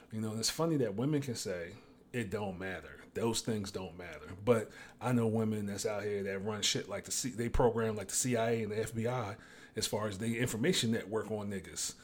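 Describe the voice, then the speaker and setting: Blunt, profane man ranting solo. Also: fairly low pitch. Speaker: show host. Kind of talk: casual monologue.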